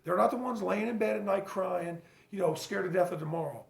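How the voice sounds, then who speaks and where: A man's voice: high voice, creaky, echoey room. A father talking earnestly and bluntly about his struggles, swearing freely and stopping often to restart his thoughts. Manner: halting, full of fillers and restarts. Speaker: father sharing his recovery story. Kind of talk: casual personal vlog monologue.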